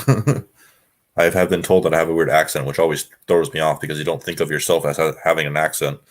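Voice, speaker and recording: A man's voice: very deep voice, flat delivery, brisk. A man from Washington state chatting casually, laid-back and swearing freely. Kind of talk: casual chat.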